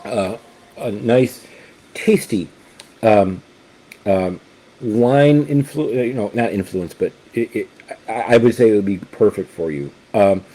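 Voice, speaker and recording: A man casually reviewing a whisky, talking in a halting, enthusiastic way with many fillers and restarts. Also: on the low side, warm tone, breathy edge.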